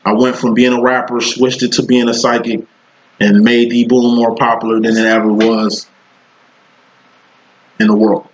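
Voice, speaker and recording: A man's voice: medium pitch, level tone, normal speed, pauses often. Blunt, profane man in his thirties. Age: 30s. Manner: blunt, profane street talk. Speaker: psychic tarot reader. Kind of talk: casual tarot reading vlog. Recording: roomy, dull lo-fi sound.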